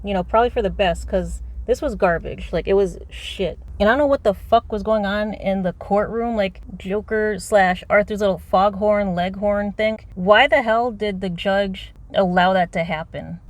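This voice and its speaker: A woman's voice: mid-range voice, normal speed, few pauses. A woman ranting about a movie from inside her car, exasperated and profane, rambling from point to point. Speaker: movie reviewer. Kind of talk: unscripted rant.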